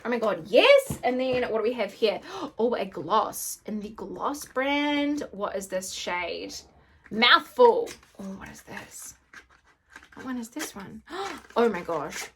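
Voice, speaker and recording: A woman beauty vlogger in an excited unboxing chat, gushing and often gasping and squealing. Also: mid-range voice, unhurried, slight background noise.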